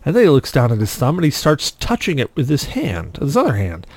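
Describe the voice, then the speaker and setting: A man hosting a casual podcast, telling a story with lively acted-out quotes. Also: medium pitch, fairly quick, dry recording. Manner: animated storyteller, acts out quotes loudly. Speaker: podcast host.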